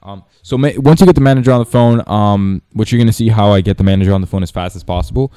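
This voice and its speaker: A man talks through his cold-calling method in a loose, rambling way, circling back and restarting often. His voice sits low, with a warm, dark tone. The sound is completely dry. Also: fast talker, clean tone, no echo. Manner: rambling, many restarts and fillers. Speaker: sales coach. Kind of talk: casual talking-head tutorial.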